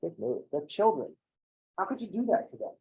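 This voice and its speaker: A man's voice: high-pitched, lively intonation, a little mellow, poor audio. Joking, sarcastic male math lecturer. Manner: acts out students in quick voices. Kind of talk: recorded classroom lecture.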